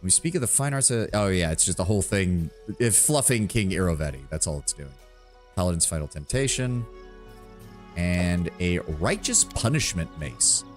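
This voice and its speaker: A man's voice: low-pitched, lively intonation, moderate pace. A man streaming a role-playing game, joking, swearing and thinking aloud, who also reads the game's story text. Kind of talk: casual game commentary and reading game text aloud. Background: faint game music.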